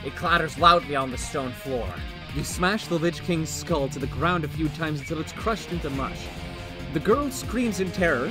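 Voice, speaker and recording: A man streaming himself reading an AI text adventure aloud, with animated comic asides. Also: a little high, normal speed, over music. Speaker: streamer reading an AI story game.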